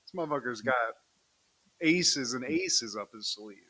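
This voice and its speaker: A man's voice: mid-range voice, wildly swooping pitch, measured pace, bright, forceful tone, breathy edge. A man co-hosting a podcast, recapping a cartoon episode in a casual, profane, joking way and keeping his co-host in the conversation.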